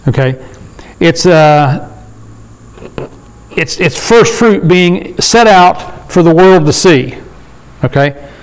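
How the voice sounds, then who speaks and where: A man leading a Bible study sermon in a conversational way, slowing down to read scripture and often asking his listeners for agreement. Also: fairly high pitch, lively intonation, clear, resonant tone, rough recording. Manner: conversational, asks the room for agreement; slows down to read scripture aloud. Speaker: preacher.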